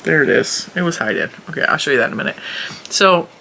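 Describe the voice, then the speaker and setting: A woman chatting casually as a crochet vlogger, animated, laughing often and acting out what people said. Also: sits low, fast talker, creaky, a little hiss or hum. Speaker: crochet YouTuber. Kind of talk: casual chatty vlog storytelling. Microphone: camera in a room at home.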